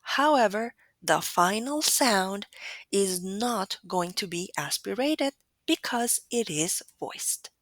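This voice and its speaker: A woman whose first language is Spanish, giving a recorded phonetics lecture in a slow, deliberate way and demonstrating sounds. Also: medium pitch, expressive, a bit bright, dry recording. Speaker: teacher.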